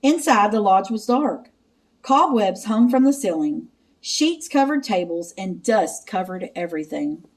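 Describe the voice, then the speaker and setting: Expressive woman teacher reading a storybook. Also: mid-range voice, a little slow. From Texas. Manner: expressive read-aloud narration with sound effects. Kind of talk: reading a picture book aloud.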